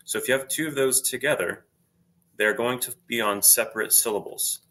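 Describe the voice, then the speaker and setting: A man teaching a screen-recorded grammar lesson, explaining steadily and saying each example word twice, slowly. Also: medium pitch, pushed and bright. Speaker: Spanish teacher.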